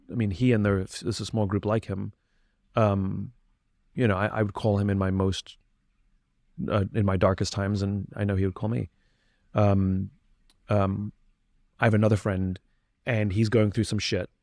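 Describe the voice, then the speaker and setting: Low-voiced earnest man on a podcast. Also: a little mellow, no room sound, studio quality. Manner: earnest, reflective, with frequent restarts. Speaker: podcast guest. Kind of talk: candid conversation.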